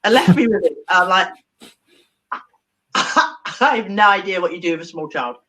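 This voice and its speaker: Lively woman telling a story. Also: lowish voice, normal speed, poor audio. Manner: expressive, acts out dialogue, laughs often. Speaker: therapist. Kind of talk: animated storytelling in an online interview.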